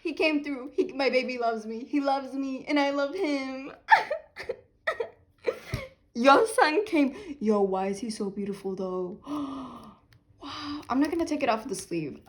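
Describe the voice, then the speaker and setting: Loud, excitable young woman, high and lively. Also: a little slow. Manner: loud, chaotic, dramatic reactions with laughing and fake crying. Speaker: vlogger unboxing albums. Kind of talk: excited unboxing vlog.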